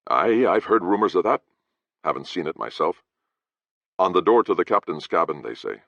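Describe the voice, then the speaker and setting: A man's voice: deep voice, expressive, normal speed, gravelly, fairly bright tone, dry recording, voice pushed up, heavily acted. A man voicing a loyal, cautious male harbor guard with old-fashioned speech, talking in a confiding way, in a dry, slightly dull recording.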